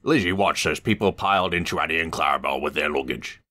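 A man reading a children's story aloud, expressive and animated. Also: a bass voice, fast talker.

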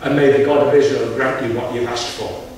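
A man's voice: medium pitch, fairly even intonation, brisk, a little mellow, a little hiss or hum, voice pushed down, lightly acted. A man voicing a flustered old priest who scolds bluntly and then mumbles sheepish apologies. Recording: echoey hall, mic at distance.

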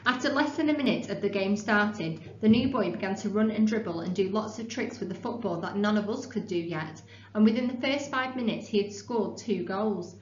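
A woman teacher explaining punctuation and reading a novel aloud in a clear, measured way, recorded in a classroom. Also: mid-range voice. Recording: echoey room, dull sound, faint hum.

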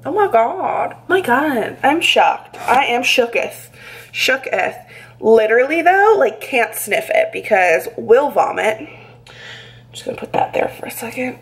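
A woman's voice: fairly high pitch, big pitch swings, measured pace, poor audio. A young woman vlogging casually at home, reacting dramatically and squeamishly as she talks through a recipe. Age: young adult. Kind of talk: casual vlog chat.

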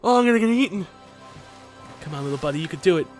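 A man's voice: on the high side, expressive, quick pace, music in the background. A young man casually commenting while playing a video game, joking, reading on-screen prompts aloud and talking to his creature. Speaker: gaming YouTuber. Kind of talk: let's play commentary.

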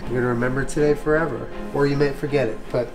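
A woman's voice: rumbling low, fairly even intonation, quick pace, echoey room, over music. A woman in a home vlog, making playful, teasing remarks to a dog.

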